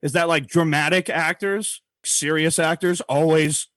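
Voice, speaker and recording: A man's voice: a little high, unhurried, no echo, studio quality. A man hosting a casual comedy podcast, telling profane stories and acting out the people in them. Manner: profane, animated storyteller who acts out quotes. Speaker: podcast host.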